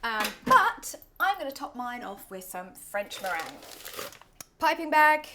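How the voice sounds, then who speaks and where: A woman in her thirties hosting a casual cooking demonstration in a kitchen, chatty and playful, sometimes dropping to soft self-deprecating asides. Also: a little high, sing-song, a little slow, background noise. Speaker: cooking show host.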